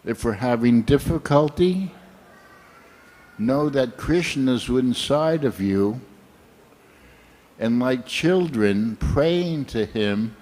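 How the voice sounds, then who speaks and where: A man in his seventies from the United States, giving a slow, earnest and heartfelt sermon full of personal anecdotes. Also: mid-range voice, expressive, a little mellow. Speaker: guest speaker at a temple program.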